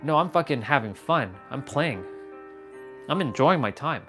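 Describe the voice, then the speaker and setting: A man hosting a fitness livestream, talking in a casual, animated, rambling way and swearing freely. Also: mid-range voice, a little slow, music in the background. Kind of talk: casual motivational livestream talk.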